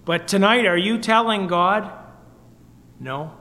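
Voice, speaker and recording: A man from Canada preaching an earnest gospel sermon, pleading with his listeners and swinging between loud and soft. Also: fairly high pitch, a little slow, in a large hall. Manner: earnest, pleading, rises and drops in volume. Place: meeting hall.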